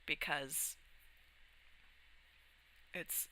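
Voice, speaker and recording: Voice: extremely slow, bright, forceful tone, a little hiss or hum, poor audio. A young adult livestreamer chatting casually and rambling, with frequent restarts, swearing and laughs. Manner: laughs often while talking.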